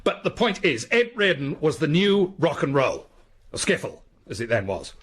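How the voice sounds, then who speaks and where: An actor playing a pompous, pedantic, grumpy middle-aged writer in a radio sitcom. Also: male voice, a little high, very animated, normal speed, a bit bright, slightly rough, exaggerated voice. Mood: lecturing.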